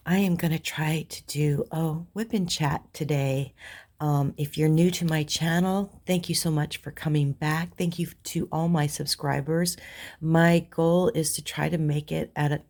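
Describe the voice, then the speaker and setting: A woman's voice: low voice, fairly even intonation, measured pace, darkish tone. Congested woman chatting while she crafts. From Virginia. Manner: rambling, chatty. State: congested from a cold. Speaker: crafting channel host. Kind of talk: casual chat while crafting.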